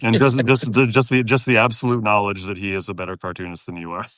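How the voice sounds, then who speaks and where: Low-voiced joking American man, dry sound. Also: flat delivery, quick pace, a bit bright, dry recording. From United States. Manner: joking, teasing, stammering restarts. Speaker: host, cartoonist. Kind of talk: casual interview chat.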